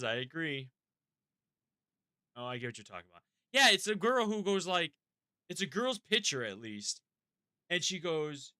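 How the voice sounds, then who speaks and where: A man's voice: medium pitch, very animated, normal speed, bright, forceful tone, dry recording. A man live-streaming a game, chatting casually with his viewers, rambling and swearing freely.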